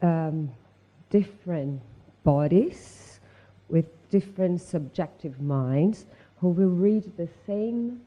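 Low-voiced woman, slow and searching, group discussion, muffled lo-fi sound. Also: lively intonation. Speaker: Bible study participant. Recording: dull lo-fi audio.

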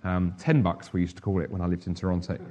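A man's voice: low voice, little pitch movement, fast talker, mellow. A middle-aged man preaching a sermon in a conversational, humorous way, full of asides.

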